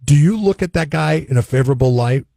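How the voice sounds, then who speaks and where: Gravelly-voiced male radio co-host. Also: on the high side, lively intonation, fast talker, warm tone, no room sound. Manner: rambling, hypothetical storytelling. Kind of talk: casual radio banter. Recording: dry radio studio.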